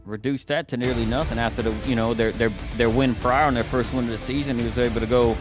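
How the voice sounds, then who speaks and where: A man's voice: mid-range voice, steady tone, quick pace. A man giving sports color commentary in a loose, rambling way, talking through his thoughts. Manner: rambling, full of fillers and restarts. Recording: music bed behind the voice. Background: background music.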